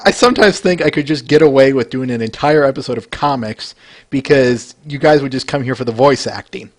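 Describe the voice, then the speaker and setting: A man's voice: mid-range voice, brisk. A man hosting a podcast, chatting casually and enthusiastically about fan art. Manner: enthusiastic, chatty, with fillers and laughs. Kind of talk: casual chat.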